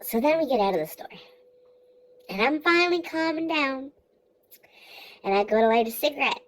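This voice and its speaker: Young female vlogger, very high pitch, profane and exasperated storyteller. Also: lively intonation, rough recording. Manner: exasperated, profane, rapid rants. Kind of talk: comic storytelling.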